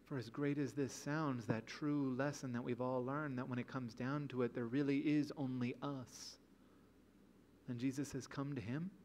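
A man's voice: medium pitch, slight background noise. A man preaching a sermon as pastor in a church, earnest and building to emphatic passages. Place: church sanctuary.

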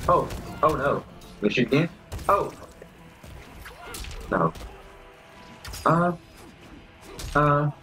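Excitable gamer man, wildly swinging pitch. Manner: excitable, swearing, reacts loudly to the game. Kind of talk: live gameplay commentary.

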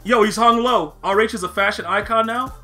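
High bright guy doing live gameplay commentary, trash talks, yells at plays, music under it. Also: a little fast. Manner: excitable, trash-talking, shouts at plays; chats with viewers while playing. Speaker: gaming streamer.

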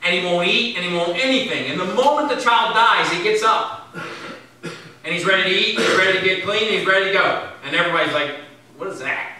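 Male pastor, sermon delivery, emphatic bursts dropping to near-murmurs; slightly high, sharp voice. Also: lively intonation, brisk. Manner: swings from loud emphatic bursts to low quiet asides. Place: church sanctuary. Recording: very echoey church from far off.

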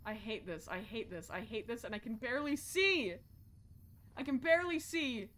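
A young woman streaming horror games, jumpy and profane, swinging from low muttering to sudden shouts. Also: normal speed. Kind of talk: live-stream gameplay commentary.

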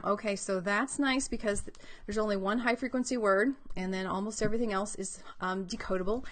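A woman's voice: mid-range voice, steady tone, brisk. A woman reading educator giving an upbeat, explanatory teaching talk about children's books, thinking aloud as she goes.

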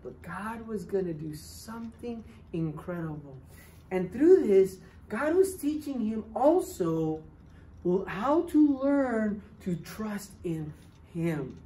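A woman telling a missionary story to children at church, with animated and dramatic shifts in loudness. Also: mid-range voice, slow.

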